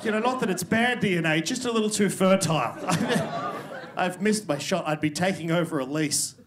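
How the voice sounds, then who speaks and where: A man's voice: high voice, normal speed. A man doing stand-up in a comedy club, brash and swearing, speaking into a handheld stage mic. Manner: brash, swearing, loud crowd-working delivery. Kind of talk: stand-up set. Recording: live club recording, crowd noise.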